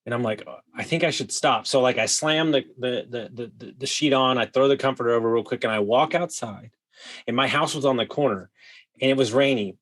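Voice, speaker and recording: A man telling a wild story as a podcast guest, animated, swearing freely and full of "like" fillers. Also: mid-range voice, fairly quick. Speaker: guest, vacation rental host. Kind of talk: casual storytelling.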